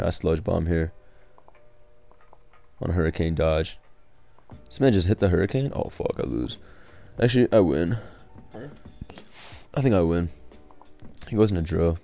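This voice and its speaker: Deep, gravelly, young man, laid-back, swearing, trash-talking gameplay commentary. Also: dark tone. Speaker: gaming streamer. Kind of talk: casual live commentary over gameplay. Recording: faint background music.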